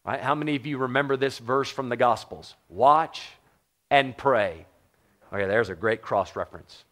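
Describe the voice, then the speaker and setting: A man's voice: medium pitch, moderate pace, a bit bright. A middle-aged man from the United States preaching a sermon in a conversational, joking way, often putting questions to the congregation. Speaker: pastor.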